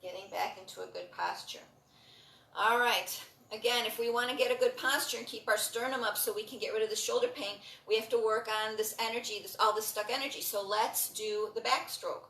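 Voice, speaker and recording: A woman leading a breathing and stretching class, giving calm, encouraging cues and repeating them often. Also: on the high side, brisk, recorded from a distance. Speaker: breathing and movement instructor. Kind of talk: guided exercise instruction. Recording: roomy sound from off the mic.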